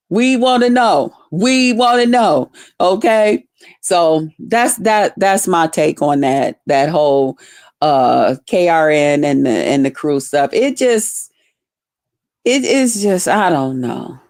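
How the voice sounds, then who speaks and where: A woman's voice: mid-range voice, darkish tone, no room sound, studio quality. A middle-aged woman giving blunt, profane livestream commentary, laughing often and greeting chat viewers by name.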